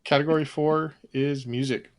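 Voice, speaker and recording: A man's voice: on the high side, steady tone, normal speed. A man hosting a trivia game, reading questions and answers with dry, wry humor. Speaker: quizmaster host.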